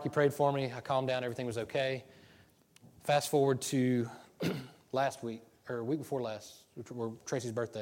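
A man, a pastor telling a personal story from the pulpit in an animated, self-deprecating way. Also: mid-range voice. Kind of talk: sermon storytelling.

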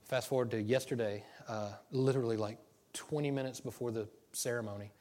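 Animated man telling a sermon story. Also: mid-range voice, fairly quick. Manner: animated, self-deprecating storytelling with laughter. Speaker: pastor.

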